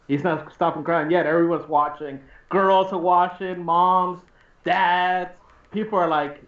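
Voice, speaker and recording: A man's voice: a little high, normal speed. A man telling a long, rambling story in casual chat, often laughing and restarting his sentences. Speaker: stream co-host. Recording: roomy, dull lo-fi stream audio.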